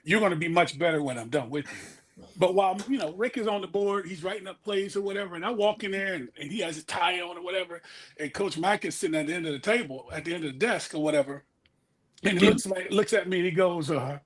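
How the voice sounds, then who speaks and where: A man's voice: high-pitched, fast talker. A man, a former college football player, telling team stories in a rambling, casual podcast chat. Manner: rambling, lots of fillers and restarts.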